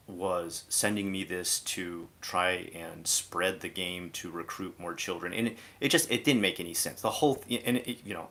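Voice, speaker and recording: A man's voice: sits low, pushed and bright. A man streaming live, giving a casual, exasperated commentary rant that is full of "like" fillers.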